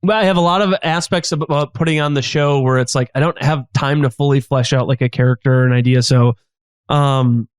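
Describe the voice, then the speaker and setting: A man's voice: mid-range voice, fairly even intonation, brisk, clean tone, no room sound. A man who is a guest comedian on a casual comedy podcast, talking in a rambling, self-interrupting way on a close mic.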